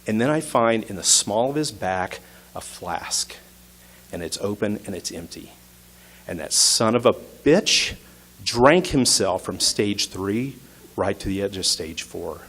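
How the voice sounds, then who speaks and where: Lowish voiced guy telling a story live on stage, tense punchy short sentences. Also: expressive, a little slow, a bit bright. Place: stage at an arts center.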